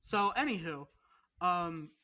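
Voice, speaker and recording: Brief: young woman podcast co-host, foul-mouthed sarcastic banter, bright tone. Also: on the low side, expressive, takes it slowly. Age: young adult. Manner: profane, sarcastic teasing. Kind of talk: casual chat.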